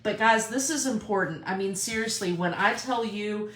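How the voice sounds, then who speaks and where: A woman's voice: mid-range voice, moderate pace, a bit bright, echoey room. A woman talking casually and emphatically to her sales team in a live video from her car, repeating her key points. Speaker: direct sales team leader.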